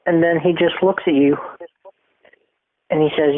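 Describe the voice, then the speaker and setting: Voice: mid-range voice, steady tone, unhurried, long pauses. A young podcast host setting up a role-play in casual chat with a storyteller's repeated lead-in lines. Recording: tinny phone-like recording, faint hiss.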